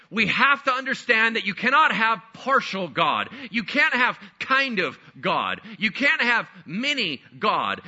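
A man preaching a sermon in a high, very bright voice that swings up and down through its range. He is animated and slips into the voices of doubting listeners. The sound is a little dull and lo-fi. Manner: animated, acts out skeptical listeners. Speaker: pastor.

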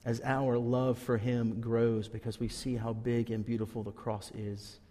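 A man's voice: mid-range voice, flat delivery, a little slow, mellow, in a large hall. A man preaching a sermon, telling a Bible story earnestly and acting out the characters' lines. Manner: earnest storytelling, acts out quotes. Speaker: pastor.

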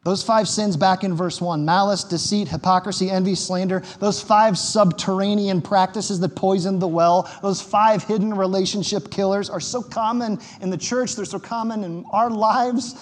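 A man's voice: sits high, fairly even intonation, moderate pace, hardly any pauses. A man preaching a sermon as pastor, conversational and emphatic, with wry quips. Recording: long hall reverb.

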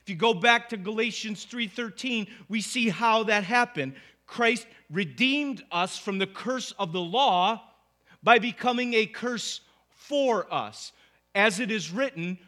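A man with a high, bright voice delivers a sermon in a relaxed, conversational way. He keeps asking his listeners "right?" as he goes. It sounds like a pastor in a church. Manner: conversational, asks the congregation "right?".

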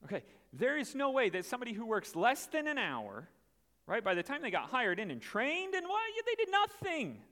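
An incredulous worker cries out against unfair pay, as a preacher acts him out. The voice leaps up high and swings all over. A long reverb trails every exclamation. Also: male voice, animated, measured pace, fairly bright tone, heavily acted. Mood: indignant. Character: indignant day laborer, adult man, greedy then outraged.

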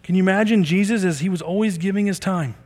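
A man's voice: high-pitched, fast talker, darkish tone, long reverb tail. A middle-aged man preaching a sermon as a pastor, earnest and conversational, acting out bits of dialogue.

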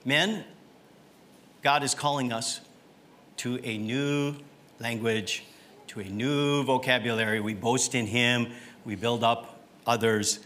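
A middle-aged man preaching from the pulpit, slow and deliberate in pace. His voice is bright and forceful. He keeps putting questions to the congregation and tags his points with a quick "right?". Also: mid-range voice, fairly even intonation, slight background noise. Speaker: pastor. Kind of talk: sermon.

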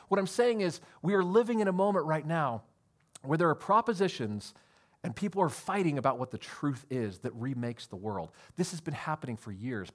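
A man preaching a sermon, earnest and emphatic, often calling his listeners friends. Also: high voice. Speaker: pastor.

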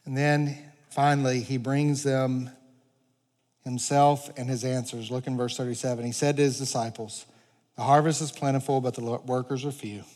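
A man preaching a sermon as pastor, earnest, swelling louder and dropping to quiet emphasis, in a church sanctuary. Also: mid-range voice, steady tone, moderate pace. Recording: long reverb of a large hall.

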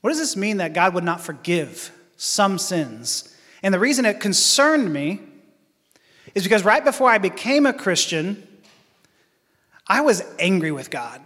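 A man with a high voice gives an earnest sermon built on his own story. He pauses and restarts his sentences often. His voice carries a long reverb, as in a large hall. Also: big pitch swings, pushed and bright. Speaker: preacher. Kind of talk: personal testimony sermon.

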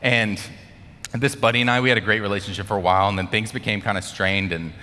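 A young adult man preaching a casual, conversational sermon as a pastor, animated and full of "like," acting out the quotes. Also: on the low side, fast. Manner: animated, acts out quotes, many "like" fillers. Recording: long reverb of a large hall.

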